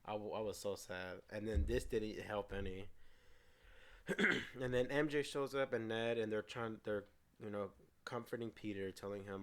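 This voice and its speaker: Guy gushing about a movie he just saw, lots of false starts, kinda low voice. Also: normal speed. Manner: eager, retells scenes with acted-out quotes; frequent restarts and stumbles. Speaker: co-host of a movie review show. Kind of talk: casual movie review chat.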